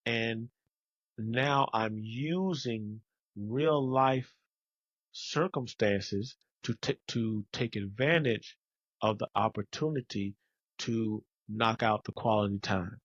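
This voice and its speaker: A man's voice: lowish voice, slow pace, no echo, dull audio. A man hosting a podcast, talking in an earnest, reflective way and building his points in lists. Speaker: podcast host. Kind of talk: casual podcast conversation.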